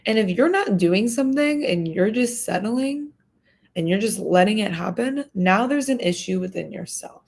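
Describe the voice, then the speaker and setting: A woman's voice: medium pitch, animated, moderate pace, vocal fry, a little mellow, husky. A young adult woman giving firm, emphatic advice straight to camera, repeating her key points. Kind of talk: direct-to-camera advice talk.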